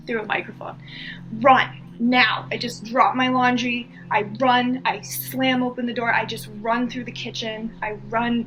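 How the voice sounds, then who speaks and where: A woman from the US East Coast, a podcast guest, telling a personal story earnestly and with feeling, repeating phrases for emphasis. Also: on the high side.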